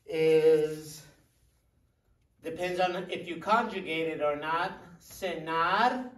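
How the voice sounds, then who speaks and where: A middle-aged male Spanish teacher giving a vocabulary lesson, slowly repeating each word with care. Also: fairly high pitch, a little mellow. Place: classroom. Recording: echoey room, mic at a distance.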